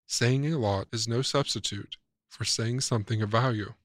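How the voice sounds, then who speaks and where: Calm man narrating a reflective essay. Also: mid-range voice, no echo. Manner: calm, measured, persuasive. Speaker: commentator.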